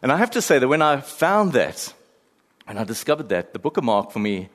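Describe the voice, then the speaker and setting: A man preaching a sermon, animated and storytelling, acting out the voices of people he quotes. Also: medium pitch, fairly quick. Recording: long hall reverb.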